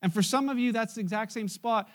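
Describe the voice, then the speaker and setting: A male pastor preaching a sermon, telling the story in a lively, joking way and acting out the characters. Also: high-pitched, quick pace.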